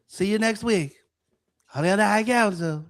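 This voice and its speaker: A man putting on a boastful, rambling president impression, pitched high above his normal voice. The bragging is crude and meanders from one point to the next. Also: normal speed.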